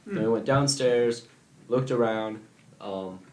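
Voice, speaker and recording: A man recapping a tabletop game, hesitant and full of pauses. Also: mid-range voice, darkish tone. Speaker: player. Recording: echoey room with faint noise.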